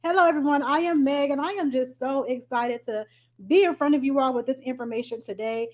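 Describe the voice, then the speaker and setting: Woman, high voice, eager casual pitch over a video call. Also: a little fast. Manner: excited, chatty, many fillers like "like". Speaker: presenter on a business call. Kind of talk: enthusiastic sales pitch. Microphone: online call.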